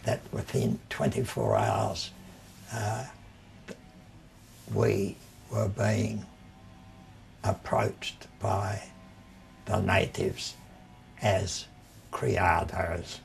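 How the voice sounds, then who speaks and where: Gravelly, very slow elderly man. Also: lowish voice, soft background music. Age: older. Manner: slow, measured storytelling with pauses. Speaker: war veteran interviewee. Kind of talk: reminiscing in an interview.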